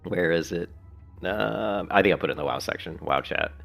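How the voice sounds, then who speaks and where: A man's voice: low-pitched, moderate pace, vocal fry, fairly bright tone, faint music behind. A man chatting casually while playing a game, rambling, laughing often and swearing now and then. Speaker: gaming streamer. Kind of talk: casual gameplay commentary.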